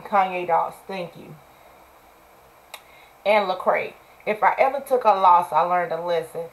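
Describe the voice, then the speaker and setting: A woman's voice: lowish voice, poor audio. A woman in her forties giving a casual tarot reading, talking candidly and bluntly, cursing freely and repeating phrases for emphasis. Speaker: tarot reader.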